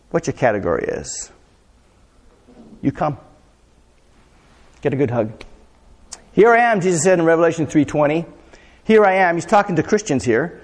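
A man preaching a sermon in a relaxed, conversational way, often putting questions to his congregation. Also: a little high, normal speed, pauses often. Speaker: pastor. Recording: long reverb of a hall.

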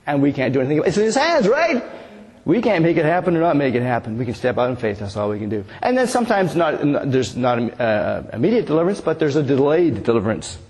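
A man's voice: fairly high pitch, very animated, fast, a little mellow, in a large hall. A man in his sixties, a pastor giving a conversational sermon and often asking his listeners "right?". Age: 60s. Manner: conversational, asks the congregation "right?". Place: church sanctuary.

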